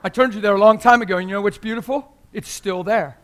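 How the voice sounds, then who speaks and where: Preaching as a guest in a church, this man speaks fast in a high, steady voice. His sermon is passionate and full of jokes, with laughter breaking in often and his volume moving from soft to loud.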